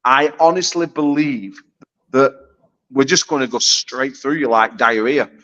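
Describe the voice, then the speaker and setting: A man's voice: mid-range voice, measured pace, a bit bright, muffled recording. A British man trash-talking in a brash, profane, casual chat as a guest on a video call. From United Kingdom. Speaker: arm wrestler guest.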